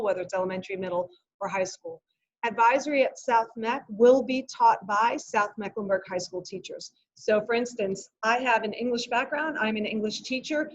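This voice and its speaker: A woman teacher and parent, middle-aged, explaining a new school program to parents in an earnest, explanatory manner. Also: mid-range voice. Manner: earnest, explanatory, animated when retelling a story. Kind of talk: presentation to parents. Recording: dull lo-fi audio.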